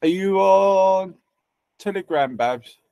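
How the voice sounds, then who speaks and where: A man's voice: high-pitched, takes it slowly, creaky, dark tone, clear, resonant tone, no room sound. A man hosting a livestream, chatting casually and teasing viewers with banter and swearing. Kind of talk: casual chat.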